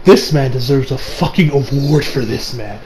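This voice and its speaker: A man giving a casual, excitable anime review, rambling and swearing with bursts of loud laughter. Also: medium pitch, moderate pace, poor audio. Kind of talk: casual reaction commentary.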